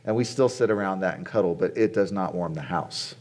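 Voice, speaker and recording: His voice sits low and a little mellow, and he talks slightly fast. The late-forties man is a conference speaker preaching a conversational sermon at a conference venue, keeping it chatty and posing rhetorical questions to the crowd.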